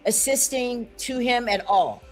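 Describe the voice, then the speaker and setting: A woman's voice: fairly high pitch, a little slow, faint music behind. A woman hosting a talk show, probing her guest with pointed follow-up questions. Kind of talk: interviewing a guest.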